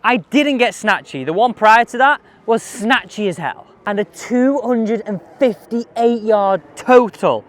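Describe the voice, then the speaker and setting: A man's voice: high-pitched, lively intonation, measured pace, hardly any pauses. A middle-aged man, a golf coach chatting casually on a range between shots and talking himself through each swing. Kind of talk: casual range-testing vlog commentary.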